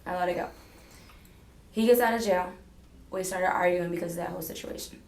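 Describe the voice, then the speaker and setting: A woman's voice: on the low side, a little fast. A woman giving a rambling, hedging statement in a police interrogation, retelling conversations as she talks. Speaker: interrogation subject. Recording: echoey interrogation room.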